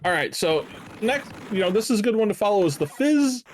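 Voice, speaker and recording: Man, slightly high voice, rambling casual commentary, faint hiss. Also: sing-song, fairly quick. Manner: chatty, hesitant, full of fillers.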